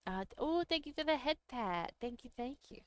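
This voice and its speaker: A woman chats easily with her viewers on a livestream, thanking them as she goes. Her voice is smooth and clear, recorded close and dry with no room sound. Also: high voice, expressive, brisk, no room sound. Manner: chatty, thanks viewers, laughs often. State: hiccups. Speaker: livestream host. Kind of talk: casual chat with viewers.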